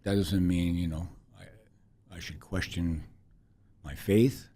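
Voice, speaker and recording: A man in his sixties, appearing as a podcast guest, tells a personal story haltingly and reflectively, often starting over. His voice is low-pitched, warm and steady, and the recording is dry.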